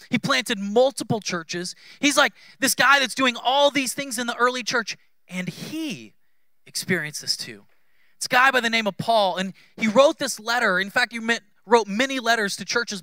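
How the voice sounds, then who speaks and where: A man's voice: very high voice, sharp tone, no echo. A male pastor in his thirties giving a conversational, humorous sermon in church, acting out quoted voices.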